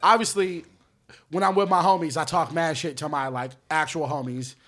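A man's voice: fairly high pitch, steady tone, moderate pace, fairly bright tone. A man in casual chat, vocal and swearing freely as he explains himself.

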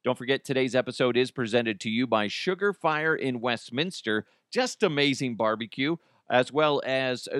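A man's voice: mid-range voice, a bit bright, dry recording, studio quality. A middle-aged man hosting a casual news podcast, slightly under the weather, rambling, joking and swearing freely. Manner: rambling, jokey, swears freely, laughs at his own jokes. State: slightly sick. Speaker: podcast host.

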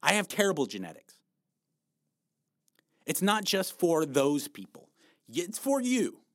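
A man's voice: a little high, wildly swooping pitch, unhurried, no room sound, clean studio sound. A man giving a blunt, profane motivational talk about fat loss, coaching his listeners and urging them on with emphatic encouragement.

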